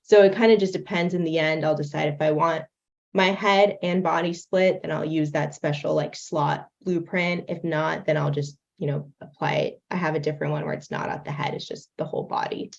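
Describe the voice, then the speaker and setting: A young woman talks through her animation setup in a loose, chatty way, full of fillers and quick laughs. Her voice sits a little low and comes over a dull, lo-fi call line. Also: steady tone, gravelly. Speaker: guest creator demonstrating animation software. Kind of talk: casual livestream chat. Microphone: video call.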